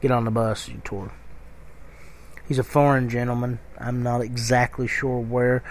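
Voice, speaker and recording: In a casual podcast monologue, a middle-aged Kentucky-accented host rambles through a story, restarting often and leaning on fillers. His mid-range voice keeps a level tone at a moderate pace, with a little hiss or hum in the recording.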